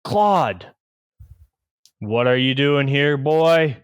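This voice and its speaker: A man doing a gruff, suspicious old farmer. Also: mid-range voice, lively intonation, extremely slow, no room sound. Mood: accusing. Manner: gruff, scolding.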